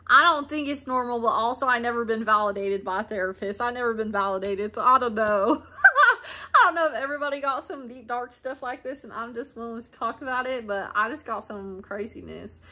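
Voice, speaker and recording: A woman's voice: fairly high pitch, fast talker, few pauses, sharp tone. A woman in her twenties telling a rambling family story to camera, chatty and laughing often. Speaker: vlogger. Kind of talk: casual storytime monologue. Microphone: camera mic.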